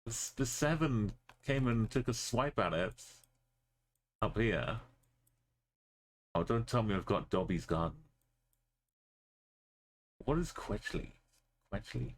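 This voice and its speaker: A man's voice: fairly low pitch, measured pace, pauses often, a little hiss or hum. A man streaming a map game, talking in a rambling, jokey way. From Britain. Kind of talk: casual gaming commentary.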